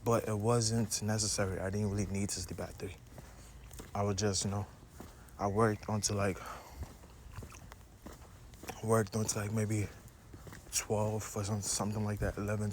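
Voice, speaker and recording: A man's voice: fairly low pitch, little pitch movement, normal speed, long pauses, a little mellow. A young man vlogging in a casual, rambling way, chewing gum and filling his talk with "you know" and "like". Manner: chewing gum while talking. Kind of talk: casual vlog chat. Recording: faint background noise.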